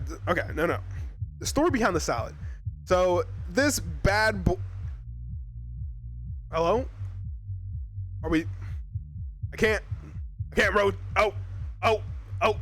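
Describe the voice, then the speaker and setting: A man's voice: sits high, a bit bright. A young man from Arizona chatting casually with his live chat as a streamer, rambling and laughing often.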